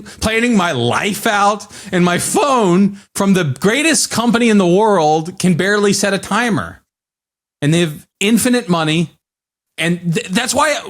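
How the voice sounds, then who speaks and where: A man co-hosting a podcast in casual chat, animated and laughing often as he jokes. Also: high-pitched. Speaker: podcast co-host.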